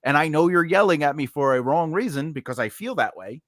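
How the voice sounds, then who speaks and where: A man in casual live-stream chat, telling a story in an animated way. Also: fairly high pitch, a little fast, no room sound, clean studio sound.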